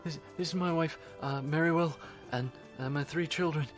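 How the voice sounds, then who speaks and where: A man voicing a flustered, anxious male halfling father in a tabletop game, with a high, strained, pleading voice. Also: steady tone, moderate pace, soft background music, natural voice. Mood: nervous.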